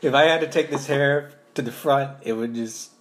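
A man's voice: mid-range voice, moderate pace. Easygoing man hosting a podcast. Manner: easygoing, self-deprecating storyteller. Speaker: podcast host. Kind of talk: casual chat.

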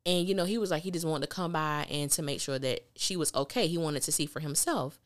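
A woman hosting a podcast, recapping a TV episode in a casual, animated way with blunt slang and emphatic storytelling. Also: low voice, fast. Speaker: podcast host.

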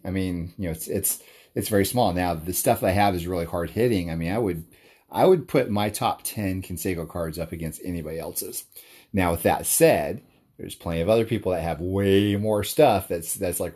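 Deep-voiced man rambling about collecting. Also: moderate pace, a little mellow, husky. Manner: rambling, with many fillers and restarts; enthusiastic. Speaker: card collector talking to his audience. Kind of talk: casual monologue.

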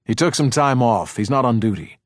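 A man's voice: mid-range voice, lively intonation, a little fast, dry recording, close to an everyday voice. Man doing a stubborn forensics guy, matter-of-fact, dry and close. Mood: defensive. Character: stubborn male forensic expert, dry and defensive.

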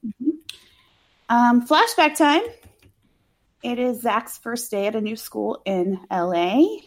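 A woman's voice: fairly high pitch, expressive, slow. A woman co-hosting a casual talk show, recapping a movie in a chatty, sarcastic way with lots of fillers and the odd swear. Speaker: podcast co-host.

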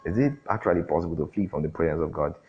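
A man preaching a sermon, often throwing questions at the congregation and filling pauses with "um". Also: low-pitched. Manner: call-and-response questions, frequent fillers. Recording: dull lo-fi recording.

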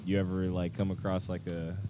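Low-voiced laid-back man, rambling podcast chat. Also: little pitch movement, a little fast, noisy background. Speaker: podcast host.

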